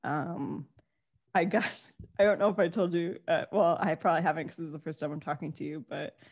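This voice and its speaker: Giggly, rambling woman, somewhat low voice. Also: fairly even intonation, a little fast, a little mellow. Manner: giggly, rambling, self-deprecating. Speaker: podcast guest, improv comedian. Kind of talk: casual comedy podcast chat.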